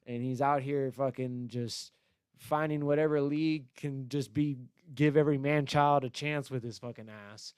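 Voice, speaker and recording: A man's voice: mid-range voice, fairly even intonation, moderate pace, a little mellow, smooth, no room sound. A young man hosting a podcast, ranting about a rival with constant swearing and mocking put-on voices. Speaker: podcast host and battle rapper. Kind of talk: profane, ranting podcast talk.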